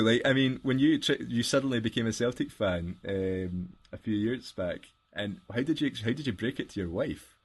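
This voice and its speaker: A man's voice: mid-range voice, animated, moderate pace, few pauses, slightly rough. A man co-hosting a podcast, telling rambling stories with laughs in casual chat. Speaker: podcast co-host.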